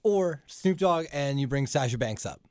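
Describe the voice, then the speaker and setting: A man's voice: medium pitch, expressive, normal speed, a little mellow, clear, resonant tone. A man co-hosts a casual podcast in an everyday mid-range voice. His remarks are blunt and sarcastic. The sound is dry, with no room echo. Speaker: podcast co-host.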